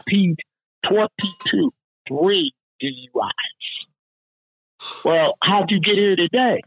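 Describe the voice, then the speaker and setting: A man telling a rowdy work story in casual chat, profane, animated and laughing often. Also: high voice, slow pace, husky, poor audio.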